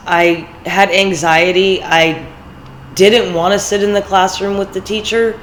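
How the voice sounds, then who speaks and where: A woman's voice: lowish voice, steady tone, unhurried, slight background noise, low-quality recording. A woman with a congested voice, rambling and personal as she gives casual motivational talk in a vlog, with fillers between her thoughts. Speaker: vlogger.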